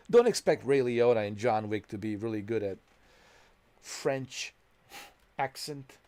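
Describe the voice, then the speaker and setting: A man's voice: mid-range voice, slow pace, pauses often, mellow. Laid-back joking male game streamer. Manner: joking, mimics foreign accents and dubbing, laughs often. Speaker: gameplay streamer. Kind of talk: casual commentary over gameplay.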